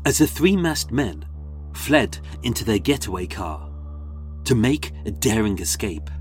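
A man's voice: fairly low pitch, big pitch swings, measured pace, soft background music. A man narrating a true-crime story in a dramatic, scripted storytelling manner.

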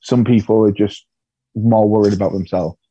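A comedian with a fairly low voice, recorded dry, speaks at normal speed as a podcast interview guest. He tells candid, animated stories with a self-deprecating sense of humour.

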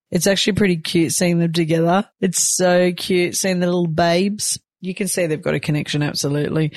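A woman's voice: deep voice, darkish tone, no room sound. A woman, a new mother talking openly and emotionally in a chatty personal vlog. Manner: open, emotional, chatty with many fillers.

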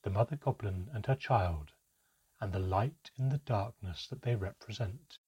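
A man voicing a calm, aloof female elf in an audiobook, speaking in a measured way with deliberate pauses and a husky voice. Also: fairly low pitch, lo-fi sound. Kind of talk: audiobook character reading.

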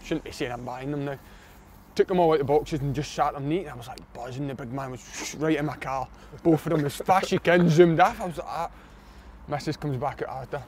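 A man's voice: a little high, brisk. A Scottish man telling a long funny story in casual chat, acting out what people said. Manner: animated anecdote teller, lots of quoted dialogue.

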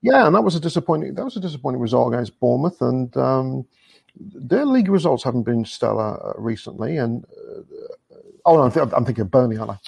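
A man talking casually about football as a podcast guest, chatty and quick to laugh, often restarting his sentences. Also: mid-range voice, lively intonation, vocal fry, darkish tone, slightly rough, no room sound. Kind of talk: casual chat.

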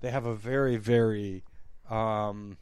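A man's voice: fairly low pitch, fairly even intonation, slow pace, a little mellow, clear, resonant tone, dry recording. A man on a podcast, recapping a movie as a casual comedic chat, acting out the characters, laughing often and swearing.

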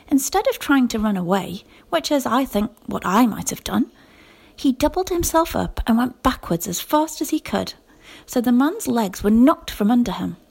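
A woman teacher reading a children's story aloud, lively and expressive. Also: a little high, creaky, husky. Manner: lively expressive reading with whispered character lines.

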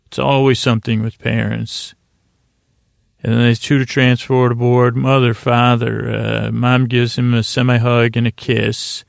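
Male podcast host, gravelly and dry-miked, rambling recap with many ums. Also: medium pitch, level tone, measured pace, no echo. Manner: rambling, hesitant, lots of fillers. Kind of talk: casual episode recap.

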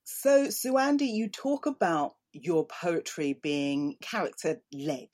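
A woman's voice: lowish voice, big pitch swings, slow pace, a little mellow. A woman interviewing a poet, asking curious, probing questions.

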